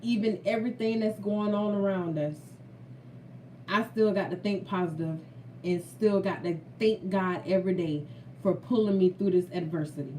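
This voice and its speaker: A woman's voice: mid-range voice, moderate pace, darkish tone, far from the mic, a little hiss or hum. Woman vlogger, earnest faith testimony, repeats for emphasis; recorded a bit away from the mic in a roomy space. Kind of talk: heartfelt faith talk to viewers.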